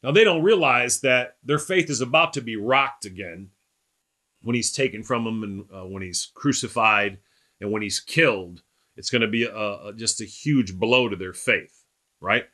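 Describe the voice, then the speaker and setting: A man's voice: lowish voice, moderate pace, pushed and bright. A man teaching through a Bible passage verse by verse, emphatic, often asking rhetorical questions and checking in with "right?".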